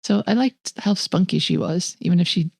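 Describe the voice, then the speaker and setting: A woman's voice: lowish voice, normal speed, gravelly, darkish tone, no echo, studio quality. A woman co-hosting a film podcast, talking in an enthusiastic, opinionated way and laughing often. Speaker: podcast co-host. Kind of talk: casual film review chat.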